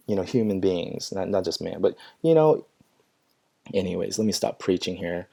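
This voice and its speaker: A man vlogging about his business in casual chat, reading viewer comments and answering them in a reflective, encouraging way with frequent ums and soft laughs. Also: low-pitched, expressive, moderate pace, vocal fry. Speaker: pet groomer vlogger.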